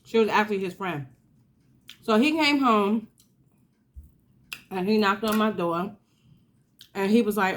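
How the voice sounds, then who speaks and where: Slow-talking woman. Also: medium pitch. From New York. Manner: chatty, drawn-out storytelling with asides. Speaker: channel host. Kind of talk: casual storytime while eating.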